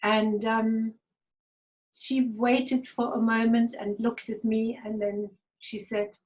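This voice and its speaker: A woman telling a personal story to an online group over a video call, halting and hesitant, with many fillers and restarts. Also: on the high side, little pitch movement, a little mellow. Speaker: guest speaker. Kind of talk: personal testimony talk.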